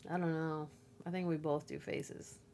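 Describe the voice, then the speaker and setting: A woman in her thirties co-hosts a casual podcast and tells stories in an animated way. She slips into other people's voices when she quotes them. Her voice sits a little low for a woman. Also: normal speed, a little hiss or hum. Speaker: podcast co-host. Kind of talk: casual chat.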